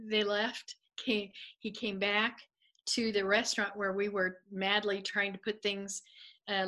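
A middle-aged woman, a guest, telling a personal faith story in an animated way, laughing often and acting out what others said. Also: mid-range voice, rough recording.

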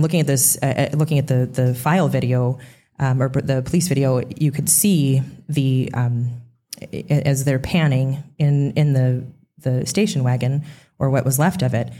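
A woman's voice: a bass voice, dark tone. A woman co-hosting a true crime podcast, talking casually with rambling restarts and sarcastic asides. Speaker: podcast co-host.

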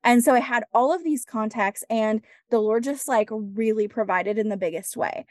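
A woman guest on a podcast interview, telling her story in a casual, animated way and acting out bits of dialogue. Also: fairly high pitch, normal speed, no room sound. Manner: animated, acts out dialogue, laughs often. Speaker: podcast guest, business strategist.

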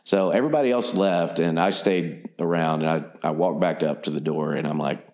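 Deep gravelly guy, laid-back producer rambling through a story. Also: brisk. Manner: relaxed, rambling anecdotes. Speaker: film producer. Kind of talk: casual storytelling.

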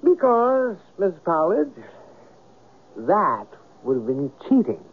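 A man's voice: sits high, huge pitch swings, takes it slowly, husky, heavily acted. An actor playing a reflective writer who narrates his own story in a 1970s radio drama. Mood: wry. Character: reflective male writer, wry and dry. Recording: narrow phone-like old radio broadcast.

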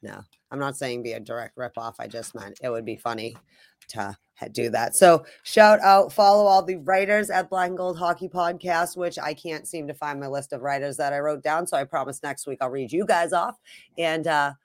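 A woman's voice: deep voice, moderate pace, no echo, studio quality. A woman co-hosting a sports podcast in casual chat, chatty and teasing, with fillers. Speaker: podcast co-host.

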